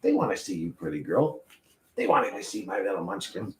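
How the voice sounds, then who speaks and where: A man's voice: sits low, very animated, a little fast. A man hosting a casual livestream, rambling and swearing as he talks to his chat and to his dog. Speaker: livestream host.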